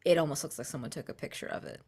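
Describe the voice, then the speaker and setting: A woman's voice: sits low, rapid-fire, a little mellow, breathy edge. A woman playing a tabletop game, building her ideas aloud in a thoughtful, tentative way. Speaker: player.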